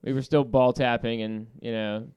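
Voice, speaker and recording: A man's voice: mid-range voice, normal speed, clean tone, dry recording, muffled recording. A man hosting a podcast, telling a heated story with lots of swearing and laughter in casual banter. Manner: animated storytelling with profanity and laughter. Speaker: podcast host.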